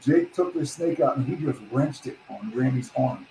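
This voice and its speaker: A man's voice: medium pitch, normal speed, creaky, roomy sound, a little hiss or hum, poor audio. A man, a guest on a chat show, telling stories casually and acting out what others said. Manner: animated storyteller, acts out quotes, swears casually. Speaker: guest, pro wrestler.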